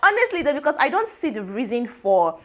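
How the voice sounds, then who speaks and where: A woman with a Nigerian accent and a high, brisk voice hosts a casual gossip commentary. She's animated and opinionated, slipping into pidgin phrases, and is recorded on a lapel mic in a studio.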